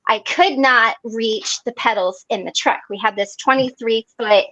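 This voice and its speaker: Animated woman on a muffled video call. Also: fairly high pitch, a little slow, dry recording. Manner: animated storyteller, laughs often. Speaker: meeting host. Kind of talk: casual online support group chat.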